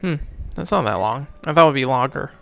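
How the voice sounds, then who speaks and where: A man reading a game's story aloud for a let's play, halting and correcting himself, then signing off casually. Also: medium pitch, lively intonation, vocal fry, fairly bright tone. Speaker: let's player, reading game text. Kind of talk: reading game narration aloud, casual outro.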